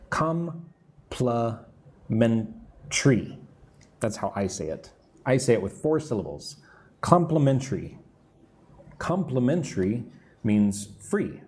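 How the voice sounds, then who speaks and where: Construction noise can be heard near the room of this man, who lives in Vietnam and is teaching a live English lesson. With a warm, mid-range voice, he explains words slowly and checks in with his class.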